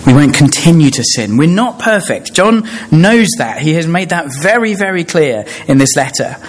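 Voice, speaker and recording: A man preaching a sermon, explaining a passage in a measured way with frequent hesitations and restarts. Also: a little high, big pitch swings, slight background noise.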